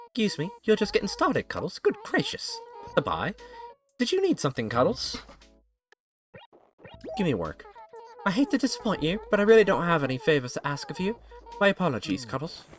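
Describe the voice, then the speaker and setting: A man voicing a snooty female eagle villager in a high, prim mock-British manner. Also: wildly swooping pitch, normal speed, few pauses, fairly bright tone, faint music behind, exaggerated voice. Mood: haughty.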